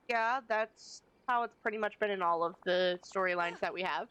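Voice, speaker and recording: A woman's voice: medium pitch, normal speed, fairly bright tone, low-quality recording. A woman live-streaming a game from a home setup, chatting casually with playful, self-deprecating asides.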